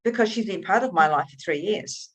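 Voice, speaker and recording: A woman author being interviewed, telling her stories in an animated, expressive way and often restarting her sentences. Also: mid-range voice, fairly quick. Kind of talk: conversational interview.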